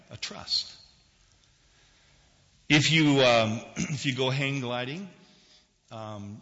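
A man preaching a sermon in a conversational way, with big swings in loudness and pace. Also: medium pitch. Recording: dull lo-fi recording in a reverberant hall.

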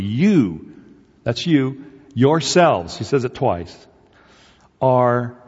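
Slow, husky-voiced pastor in a reverberant hall. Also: male voice, mid-range voice, darkish tone. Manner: emphatic, conversational preaching with repeated rhetorical questions. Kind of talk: sermon. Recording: dull audio with long hall reverb.

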